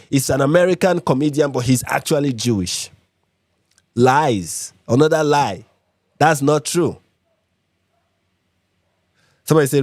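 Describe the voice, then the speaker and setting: Man from Nigeria, live reaction host, emphatic, repeats himself, mid pitch, dead dry room. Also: darkish tone, no room sound. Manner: emphatic, repeats points, many fillers. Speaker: livestream host.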